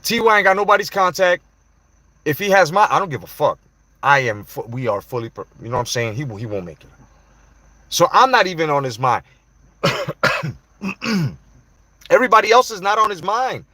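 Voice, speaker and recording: A man's voice: on the high side, very animated, normal speed, pauses often, pushed and bright, no room sound. A man hosting a live stream, confronting people directly in a heated, profane rant to his viewers. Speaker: livestream host.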